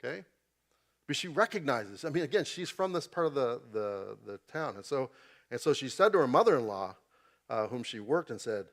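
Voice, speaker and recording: A man's voice: mid-range voice, very animated, normal speed. A man teaching an informal Bible class in a church. He is chatty and keeps checking in with the class as he goes.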